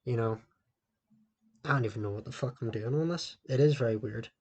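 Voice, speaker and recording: Husky, foul-mouthed man ranting solo. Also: medium pitch, a little fast. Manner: rambling, heavy swearing. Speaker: podcast host. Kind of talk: solo podcast rant. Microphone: laptop microphone.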